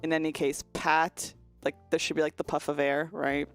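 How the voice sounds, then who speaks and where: On a casual linguistics chat stream, a young virtual streamer with a fairly low, flat voice talks fast and demonstrates pronunciation hands-on. She curses freely and keeps things loose and conversational, with faint music in the background.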